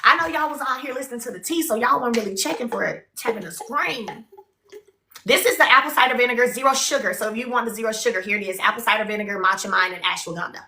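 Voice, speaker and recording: A woman's voice: fairly high pitch, fast, bright, forceful tone, reverberant, a little hiss or hum. A woman hosting a live shopping stream, chatty and upbeat, urging viewers to buy. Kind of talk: live-stream sales pitch. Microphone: phone.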